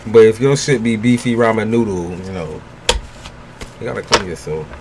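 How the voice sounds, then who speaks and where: Heavy background noise sits under a man's lowish voice at normal speed as he reads tarot on a livestream and banters with viewers. His style is loose, profane, and full of laughter and jokes, with blunt, frank advice.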